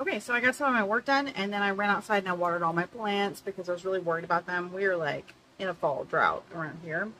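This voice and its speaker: A woman's voice: medium pitch, quick pace, few pauses, slight background noise. A middle-aged woman talking through her day in a rambling, casual diary vlog, full of ums. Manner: chatty, rambling, many ums; hushed, half-whispering in bed. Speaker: vlogger. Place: bedroom, in bed.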